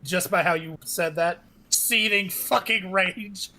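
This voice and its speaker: A man playing a tabletop game, laying out his character's schemes in a deliberate, talkative way. His voice is high for a man and sounds bright and forward. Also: slight background noise, rough recording. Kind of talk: casual game chat.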